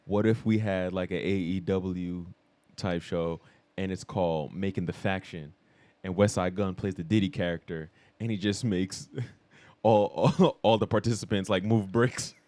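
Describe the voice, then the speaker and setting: A man's voice: low-pitched, fairly even intonation, dark tone, dry recording. Joking podcast co-host man, dry mic. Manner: joking, quick-witted, laughing. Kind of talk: casual podcast chat.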